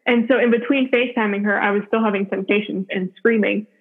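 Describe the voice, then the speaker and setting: A woman appearing on a podcast tells a story about herself in a relaxed chat, full of "like" and frequent laughter. She speaks quickly with a steady mid-range voice through a tinny, phone-quality line.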